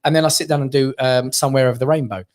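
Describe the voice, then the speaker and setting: A man's voice: medium pitch, steady tone, rapid-fire, darkish tone. A male comedian telling funny stories as a guest in a studio interview. He acts out voices and laughs often. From Armenia. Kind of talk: chatty anecdote-telling interview. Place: London studio.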